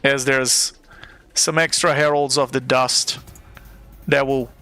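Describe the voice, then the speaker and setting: A man's voice: mid-range voice, little pitch movement, slow pace, pushed and bright, clean tone, no room sound, soft background music. A man running a live-play tabletop game as game master, narrating scenes in a playful, theatrical way.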